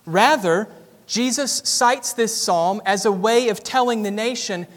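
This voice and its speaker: High-voiced Southern pastor preaching. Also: male voice, measured pace. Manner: earnest expository preaching, builds in intensity. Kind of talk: sermon. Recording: reverberant church hall.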